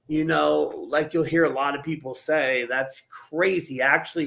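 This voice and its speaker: A man hosting a casual conspiracy-theory chat, rambling and animated with many restarts. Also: fairly high pitch. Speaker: podcast host.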